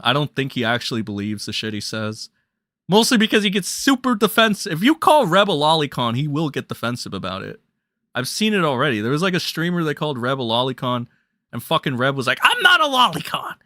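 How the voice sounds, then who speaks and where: Male streamer, crude blunt rant, bright forceful voice, dry close sound. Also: mid-range voice, lively intonation, a little fast, no room sound. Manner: blunt, crude, ranting with sudden loud jumps. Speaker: drama commentary streamer. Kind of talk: profane livestream commentary.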